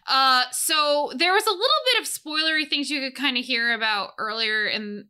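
Woman, game master, casual recap, rambling and chatty, sharp bright tone, slightly high voice. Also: smooth. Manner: rambling and chatty, many restarts, laughs often.

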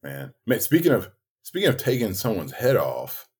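A man co-hosting a podcast, telling a story in casual chat, lively and swearing as he acts out quotes. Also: lowish voice, moderate pace, breathy edge. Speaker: podcast co-host.

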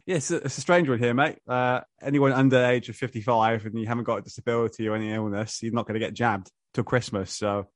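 A man with a New Zealand accent talks in an easygoing, matey way, hosting a football podcast. His voice sits at an ordinary middle pitch. The sound is dry and close, with no room around it. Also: fairly even intonation, fast, hardly any pauses, dry recording. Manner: laid-back, matey banter, laughs often. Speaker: podcast host. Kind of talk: casual podcast chat. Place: motel room on a video call.

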